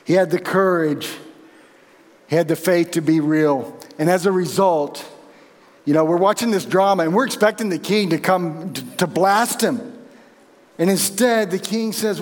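A man preaching with a high, earnest voice. He swings from emphatic peaks to quiet intensity. The sound carries a long hall reverb. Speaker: pastor. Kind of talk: sermon.

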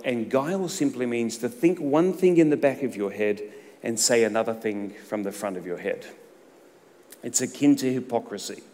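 A middle-aged man preaching a sermon as a pastor, emphatic, rising to loud outbursts and dropping to hushed low lines. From Australia. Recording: long reverb of a hall.

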